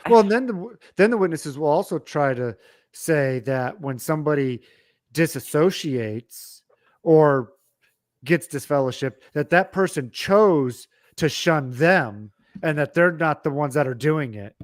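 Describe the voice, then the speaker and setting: A man's voice: fairly high pitch, expressive, a little slow, no room sound, clean studio sound. A man co-hosting a casual podcast, talking emphatically and with indignation when he makes a point. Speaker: podcast co-host.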